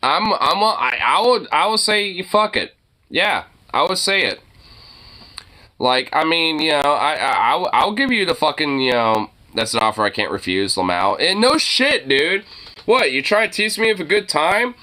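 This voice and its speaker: A man's voice: fairly high pitch, big pitch swings, unhurried, sharp tone. A young man streaming, reacting to a video in a rambling, profane way with many stammered restarts. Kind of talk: casual reaction commentary.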